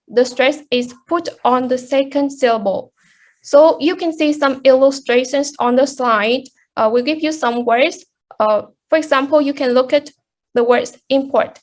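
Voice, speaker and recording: This student presenter is a young woman whose high voice stumbles through a class presentation. Her hesitant delivery is packed with ums, fillers, and restarts.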